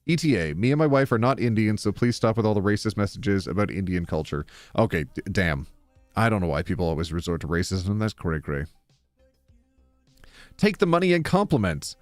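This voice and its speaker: A man live-streaming, reading online posts aloud and chatting with his viewers, reacting to chat with sudden loud jumps. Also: fairly low pitch, lively intonation, a little fast, dry recording, soft background music.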